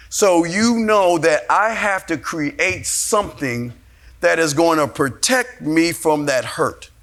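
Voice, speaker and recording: At a men's seminar, a man with a voice on the high side and a fairly bright tone addresses the room with profane, no-nonsense motivation. He fields the men's questions, hammering his points home emphatically and repetitively.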